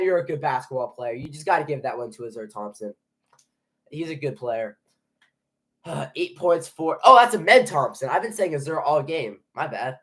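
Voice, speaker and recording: A man's voice: on the high side, normal speed. Jittery young man calling a game live. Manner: nervous, excitable, stumbling over restarts. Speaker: fan streaming a live game reaction. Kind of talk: live play-by-play reaction.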